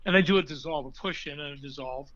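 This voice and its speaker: A man, an actor, telling stories in an interview, animated, breaking now and then into loud put-on voices. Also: on the high side, fast, highs cut off. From from an Irish blue-collar family. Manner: animated storyteller, bursts into loud character voices. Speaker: actor guest. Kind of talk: conversational interview storytelling.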